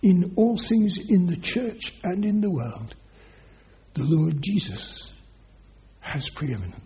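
A man's voice: high voice, big pitch swings, takes it slowly, dull audio. A man preaching a sermon as pastor, earnest and emphatic, pressing his listeners with rising questions.

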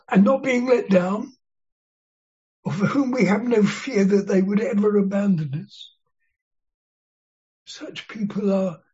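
This preacher delivers an expository sermon in an unhurried, deliberate way, letting each phrase land and stressing the important words. The voice sits at a middling pitch. It comes through a muffled, lo-fi sermon recording. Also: dark tone. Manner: slow, deliberate and earnest, stressing key words.

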